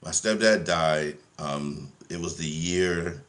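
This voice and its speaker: Bright-voiced man telling family stories. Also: low voice, slow. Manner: laughing storyteller, many fillers. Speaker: guest, parent. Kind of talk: casual podcast chat.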